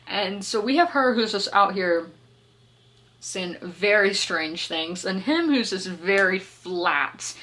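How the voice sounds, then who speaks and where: A woman's voice: mid-range voice, fairly bright tone. A woman, chatting casually through a book review, laughing often and correcting herself as she goes. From South Carolina, US. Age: 20s. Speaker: book vlogger.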